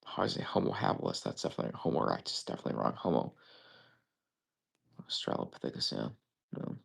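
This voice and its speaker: A man's voice: extremely low pitch, big pitch swings, quick pace, vocal fry, breathy edge. A young man hosting a live trivia stream, thinking aloud in casual chat and often stammering and correcting himself.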